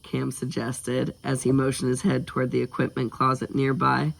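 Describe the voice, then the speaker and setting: A man narrating a storybook chapter aloud, with animated, chatty asides between chapters. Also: mid-range voice, moderate pace, creaky, few pauses, no echo. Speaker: audiobook narrator. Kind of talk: storybook reading with casual asides.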